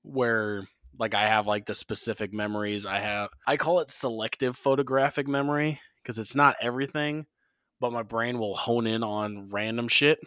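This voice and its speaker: A man's voice: medium pitch, steady tone, moderate pace, fairly bright tone, no echo, clean studio sound. A man co-hosting a podcast, telling rambling stories in a casual chat and swearing freely. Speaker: podcast co-host.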